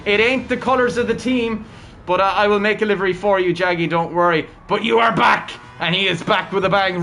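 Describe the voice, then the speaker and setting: A young man with a high voice commentates a live racing stream, upbeat and chatty as he keeps calling out to his viewers. Faint noise hums underneath. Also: sharp tone. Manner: upbeat, chatty, talks to chat.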